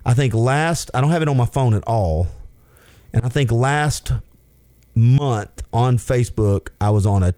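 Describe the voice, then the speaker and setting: A man co-hosting a talk show, telling stories in a casual, self-deprecating way. His voice is mellow and dark. The recording is close and dry, with no room sound. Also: medium pitch, lively intonation, a little slow, no echo. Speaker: co-host. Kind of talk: casual chat, storytelling.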